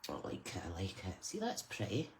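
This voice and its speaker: A woman's voice: very deep voice, wildly swooping pitch, a little fast, noisy background. A Scottish woman hosting a live crafting stream, chatting casually and greeting viewers by name as she works. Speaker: crafting channel host.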